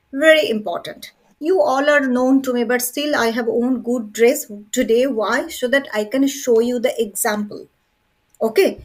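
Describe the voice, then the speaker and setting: High-voiced woman teaching English online. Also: poor audio. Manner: emphatic, repeats words to drill stress. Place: seated indoors at home desk. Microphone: online video call.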